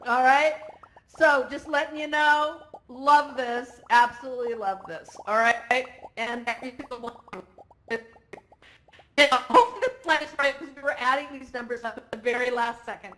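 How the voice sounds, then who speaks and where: An excitable woman delivers the closing speech for a conference held in virtual reality. Her voice sits a little high, and she laughs often and gets emotional between thank-yous and numbers. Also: moderate pace, a little hiss or hum. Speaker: conference organizer.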